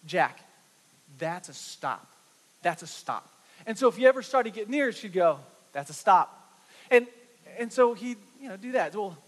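A middle-aged man preaching a sermon, telling an animated story with lots of repeated words. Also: high voice. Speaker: pastor. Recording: reverberant hall.

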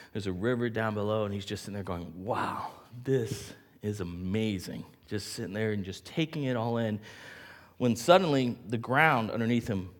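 A middle-aged man, a pastor, preaching a sermon in a church and acting out the voices of a story he tells. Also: medium pitch. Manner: animated, acts out voices in a story. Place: church sanctuary.

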